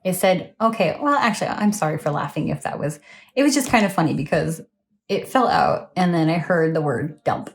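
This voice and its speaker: With a deep voice, lively intonation and a fairly quick pace, a woman in her thirties reads tarot for her phone camera. It's late at night at home, and her chatty, wandering reading is full of apologies and laughter.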